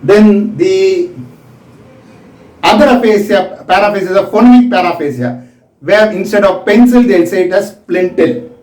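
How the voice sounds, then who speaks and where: A man's voice: high voice, lively intonation, a little mellow, recorded from a distance. Man lecturing in an echoey room. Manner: slow, explanatory, acts out examples. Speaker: medical lecturer. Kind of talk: recorded medical lecture.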